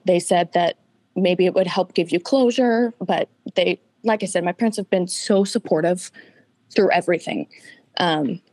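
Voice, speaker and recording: A woman's voice: on the low side, normal speed, a little mellow, dry recording. A woman guest giving a candid, emotional personal account in an interview, tearful at times.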